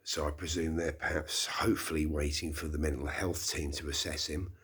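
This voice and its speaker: A middle-aged man hosting a solo early-morning podcast from his flat, talking in a slow, rambling, reflective way with sighs. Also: very deep voice, breathy edge. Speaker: podcast host. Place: small flat indoors.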